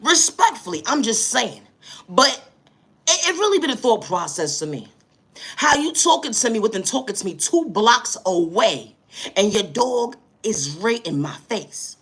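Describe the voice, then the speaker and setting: A woman with a New York City accent telling a comedic story as an animated, slangy, exasperated rant full of repeated catchphrases. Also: on the high side, a little slow, husky.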